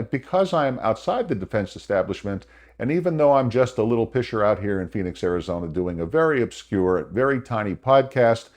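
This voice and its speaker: An older American man hosts his own small podcast from home in Phoenix, delivering a chatty, wry commentary monologue and correcting himself along the way. His voice sits fairly low and has a slightly mellow quality.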